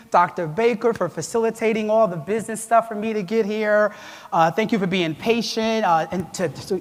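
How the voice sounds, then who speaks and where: Guy in his 30s doing a hyped keynote on a lapel mic, chatty and jokey, big hall echo. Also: sits high. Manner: animated, chatty, self-deprecating, with audience call-outs. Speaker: keynote speaker. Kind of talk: energetic keynote speech. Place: large event hall. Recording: long hall reverb.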